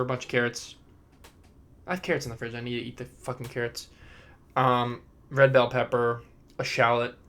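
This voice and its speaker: A tired young man hosting a casual solo podcast, rambling and self-deprecating, drifting between topics and often trailing off into a low mumble. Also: a bit bright, a little hiss or hum. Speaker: podcast host.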